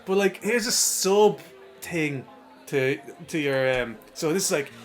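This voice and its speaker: A man's voice: on the high side, lively intonation, unhurried, soft background music. A young Irish man co-hosting a podcast, telling rambling, sweary anecdotes and laughing through them. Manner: rambling storyteller, laughs through his stories. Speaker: podcast co-host. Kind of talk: casual chat, swearing anecdotes.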